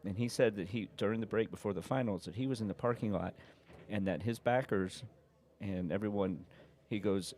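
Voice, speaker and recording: Low-voiced man telling a rambling story. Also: fairly quick, darkish tone. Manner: rambling storyteller, laughs often. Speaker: pool commentator. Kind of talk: casual live commentary and anecdotes.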